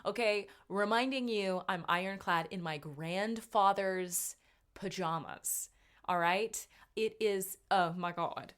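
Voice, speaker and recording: Animated, jokey woman telling a story. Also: mid-range voice, slow. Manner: animated, jokey, self-mocking, swings up for punchlines. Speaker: podcast host. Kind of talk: casual comic storytelling.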